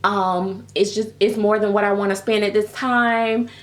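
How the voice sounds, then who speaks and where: Speaking at normal speed in a medium-pitched voice, this woman is a reborn doll vlogger on a chatty, casual rant. Her storytelling is animated, full of laughs, and she keeps calling listeners "baby."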